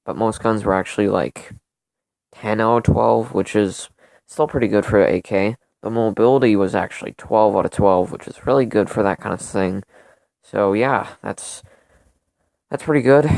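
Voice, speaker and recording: A man's voice: on the low side, gravelly, darkish tone, clean tone, no echo. Casual young man rambling through stats. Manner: rambling, self-correcting, lots of fillers. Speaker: gaming channel host. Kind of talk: casual gun comparison commentary. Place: home room during a thunderstorm.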